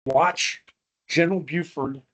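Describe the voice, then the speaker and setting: A man's voice: on the high side, steady tone, slow, fairly bright tone, low-quality recording. A man teaching a history class, telling a battle story with strong feeling and acting out the quotes. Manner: emotional storytelling, acts out quotes.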